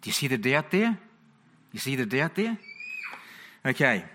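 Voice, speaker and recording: Man preaching, bright tone, animated and conversational. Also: medium pitch, moderate pace, long pauses, slight background noise. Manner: chatty, animated, frequent "okay?" check-ins. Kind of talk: sermon to a congregation.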